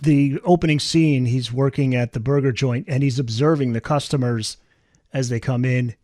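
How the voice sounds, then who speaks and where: A man hosts a podcast interview, speaking at a mid pitch in a conversational way. Now and then he reads passages aloud. His voice sounds dry and close, with no room echo. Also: fairly even intonation, moderate pace, darkish tone. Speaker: podcast host.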